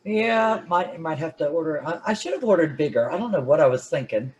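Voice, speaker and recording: A woman's voice: low-pitched, lively intonation, a little fast, a crowd in the background. A woman co-hosting a casual live chat, answering in short, bubbly, upbeat remarks. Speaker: livestream co-host.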